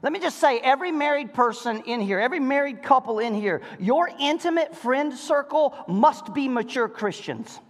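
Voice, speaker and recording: High-voiced man preaching in a reverberant hall. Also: expressive, moderate pace, few pauses. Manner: preaching with rhetorical questions, acting out voices. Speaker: pastor. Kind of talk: sermon. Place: church sanctuary.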